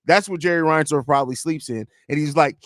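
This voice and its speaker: A man's voice: fairly high pitch, a little fast, dry recording, studio quality. A man hosting a live sports podcast, rambling and joking profanely while reading chat aloud. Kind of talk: casual live-stream chat.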